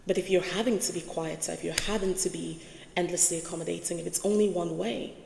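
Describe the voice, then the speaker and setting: A woman giving a casual spoken reflection, slow and emphatic, repeating key words and checking in with "right?". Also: fairly low pitch, fairly even intonation, vocal fry, darkish tone, slight background noise. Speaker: spiritual reflection host. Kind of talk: casual spoken reflection while writing on a board. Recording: echoey room with long reverb.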